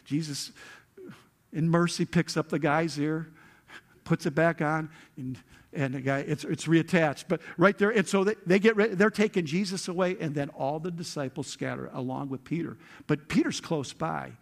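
A male pastor preaches with a slightly higher voice than most men. He retells the scripture story with animated energy and acts out the characters' lines as he goes. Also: moderate pace. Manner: animated storytelling, acts out quotes with rising intensity. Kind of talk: sermon.

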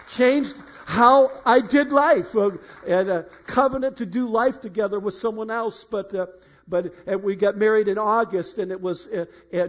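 A middle-aged man preaching a sermon as pastor, halting and repeating words, then building to emphatic peaks. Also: sits high. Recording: muffled lo-fi sound.

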